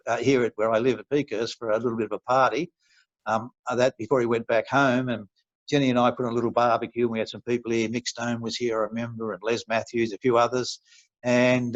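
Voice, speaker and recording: A mid-range male voice comes through a dull recording lacking any room sound. He's an older retired Australian referee guesting in an interview, spinning relaxed anecdotes in a rambling, chuckling way full of restarts.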